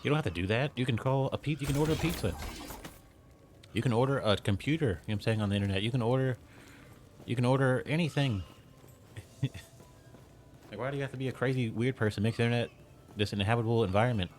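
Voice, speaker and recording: A man's voice: medium pitch, fast talker, pauses often, a little hiss or hum. A man streaming a game, rambling casually with lots of filler words and frequent chuckles. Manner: rambling, heavy use of "like", chuckles often.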